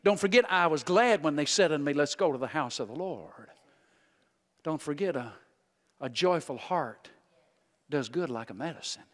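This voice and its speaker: A male guest preacher giving a revival sermon, folksy and joking, swinging from loud exhortation to hushed intensity. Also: fairly high pitch, lively intonation, normal speed, long pauses.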